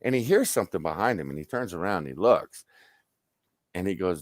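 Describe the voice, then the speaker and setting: Male stream guest, low register, swears and acts out the dialogue in animated yarns. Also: fairly quick, no room sound, clean studio sound. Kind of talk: casual storytelling.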